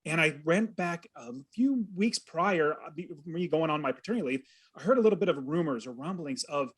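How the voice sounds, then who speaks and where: A man in his thirties, a podcast guest, telling a personal story with earnest, animated feeling and acting out his own thoughts. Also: a little high, brisk, husky. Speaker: podcast guest, real estate investor. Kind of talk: storytelling in an interview.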